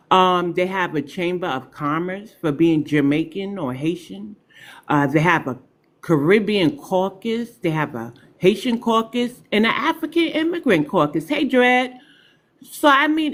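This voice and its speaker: A middle-aged woman, a podcast guest who talks emphatically and tells stories with big swings in pitch. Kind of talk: podcast discussion.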